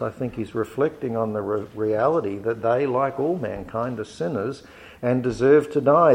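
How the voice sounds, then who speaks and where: A man preaching a sermon in an earnest, measured way, reading scripture aloud and building to emphatic rises. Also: mid-range voice, a little mellow, rough recording.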